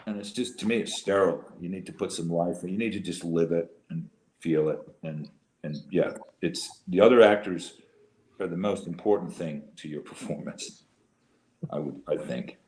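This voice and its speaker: Actor guest, man, very low voice, roomy echo, loose chatty delivery with restarts. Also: moderate pace, a little mellow. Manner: laughing, self-deprecating, thinks aloud with restarts. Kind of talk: casual video interview.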